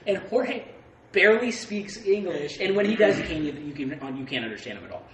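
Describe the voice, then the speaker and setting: A man's voice: high-pitched, big pitch swings, fast talker, slight background noise. A young man co-hosting a podcast, telling a story between laughs and swearing casually. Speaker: podcast co-host. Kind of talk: casual chat. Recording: echoey room.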